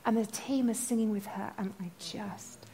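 A woman preaching a sermon, telling stories with passion, singing snatches of worship songs and building to loud, impassioned proclamation. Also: medium pitch, steady tone, normal speed.

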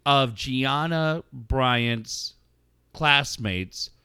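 A man co-hosting a casual talk show, telling animated stories, swearing and laughing often. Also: mid-range voice, extremely slow, clear, resonant tone, no room sound, studio quality. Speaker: radio co-host. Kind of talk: casual chat.

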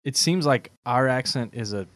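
A man's voice: medium pitch, moderate pace, fairly bright tone, dry recording. A man co-hosting a podcast in casual, easygoing chat. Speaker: podcast co-host.

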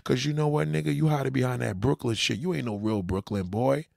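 A man's voice: medium pitch, fairly quick, creaky, a little mellow, no room sound, studio quality. A man delivering an angry, profanity-heavy rant as a commentator, talking straight to his audience.

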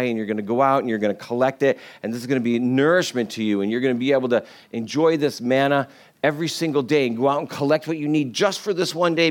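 A man preaching a casual sermon, retelling scripture in a chatty, joking way and briefly acting out complaining voices. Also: mid-range voice. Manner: storytelling, acts out complaining voices in paraphrase.

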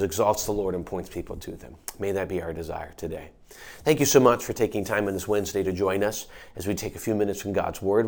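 A man's voice: deep voice, gravelly. A man pastor giving a midweek devotional sermon in an earnest, encouraging way, often repeating and restarting phrases.

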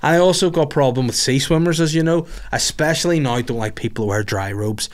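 A man's voice: medium pitch, fast talker. A man hosting a podcast in casual comedic chat, reading out listener questions with crude, sarcastic humour and frequent swearing. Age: older than the others, adult.

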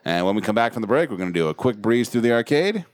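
A man's voice: on the low side, sing-song, fast, dry recording. A man hosting a podcast in casual banter, profane and rambling, laughing often. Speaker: podcast host.

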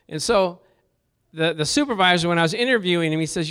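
A man's voice: fairly high pitch, fast, fairly bright tone, clear, resonant tone. A male pastor preaching a sermon, telling personal stories and asking the congregation questions, with rising emphasis on key words. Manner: storytelling, asks the congregation questions.

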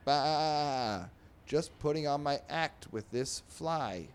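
A man voicing a greedy, bossy male cartoon sheep who bleats "bah" before every line, pitched well above his own voice. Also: animated, slow, smooth. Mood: sly. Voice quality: bleating "bah" at each line's start. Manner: bossy, grumpy.

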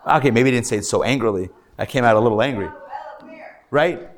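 A rabbi teaching a live class, telling stories in a lively, animated way with playful asides. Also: male voice, medium pitch, a little fast.

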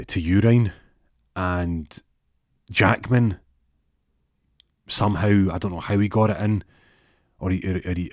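Man, comic storyteller, rambling and stumbling, low voice, dry close sound. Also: darkish tone, no echo. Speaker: comedic storyteller.

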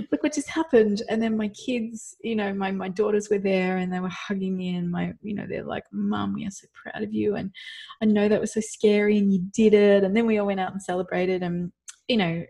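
A woman's voice: lowish voice, gravelly. A woman, co-hosting a podcast and telling a personal story candidly, acting out what people said. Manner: candid, animated retelling with acted-out quotes and laughs. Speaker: podcast co-host.

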